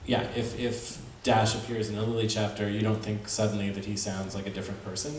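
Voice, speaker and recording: A fairly low-voiced man answers thoughtfully on a panel, pausing and restarting. He is heard from far off in an echoey hall with faint background noise. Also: monotone. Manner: thoughtful, hesitant. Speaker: author on a panel. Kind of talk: panel discussion.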